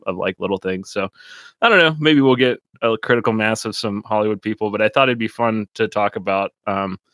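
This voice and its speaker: A male podcast host in casual, rambling chat, often laughing and padding his sentences with fillers. His voice is lowish and recorded dry and close. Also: fairly bright tone, dry recording.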